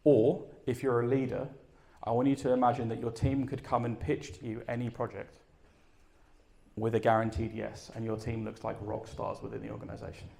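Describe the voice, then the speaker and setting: A man speaking at a live event, telling a story and asking his audience questions in an energetic way, then taking questions. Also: medium pitch, brisk, vocal fry. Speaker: conference speaker. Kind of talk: live talk and Q and A.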